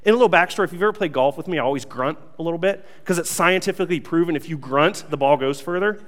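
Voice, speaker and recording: A young male pastor with a somewhat high voice tells a self-mocking story to his congregation. His delivery is lively and playful. The sound carries a long reverb from a large hall. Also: rapid-fire. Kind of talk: sermon with humorous story.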